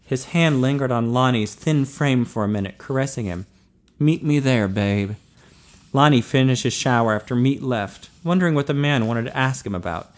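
Guy narrating an audiobook, even and low-key, mid-pitched voice. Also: fairly quick, few pauses. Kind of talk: scripted narration.

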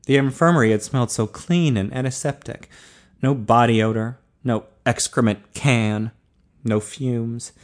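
A man reading an audiobook as narrator, in a steady, measured voice. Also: medium pitch.

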